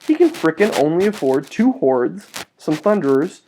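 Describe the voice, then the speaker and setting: A man talks through a tabletop wargame battle report with a mellow, warm tone. He is casual and excitable, with his pitch jumping upward when something impresses him and casual swearing mixed in. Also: normal speed.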